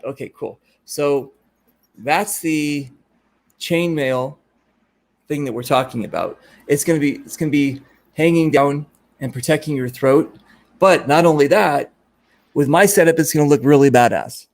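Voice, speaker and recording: A man hosting a casual chat, telling a lively story and acting out what others said. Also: a little high, measured pace, gravelly, no room sound. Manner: animated storyteller, mimics others in his stories. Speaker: host. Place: event booth.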